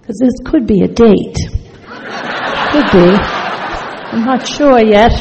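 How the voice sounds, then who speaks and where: A woman's voice: a little high, expressive, slow pace, creaky, in a large hall, highs cut off, crowd noise, noisy background. A woman sharing her recovery story in a wry, storytelling way, acting out remembered conversations. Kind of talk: personal testimony talk.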